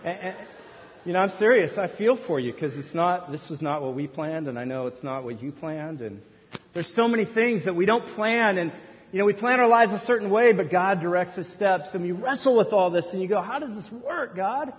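A man in his thirties preaching a sermon in a church, telling a story with hushed asides that rise to near-shouts. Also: high-pitched, fairly quick. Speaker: pastor. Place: church sanctuary. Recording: dull sound in a reverberant hall, faint noise.

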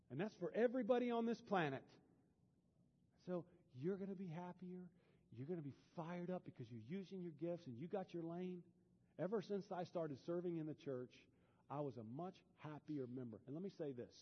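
A pastor preaching a sermon in a church, dropping to a hush and then building to loud, fervent peaks. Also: male voice, fairly high pitch, animated, brisk, husky. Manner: swings from hushed to loud and fervent. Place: church sanctuary. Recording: dull, long hall reverb.

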